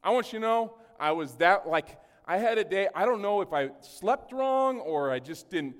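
High-voiced chatty pastor in a reverberant hall. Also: male voice, lively intonation, normal speed. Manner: chatty, jokey, often asks the congregation questions. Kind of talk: conversational sermon.

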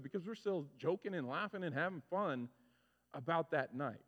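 A male pastor preaching a sermon, telling stories with lively, animated delivery and acting out his own frustrations. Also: sits high, normal speed. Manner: animated storytelling, acts out his own complaints. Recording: muffled sound with long hall reverb.

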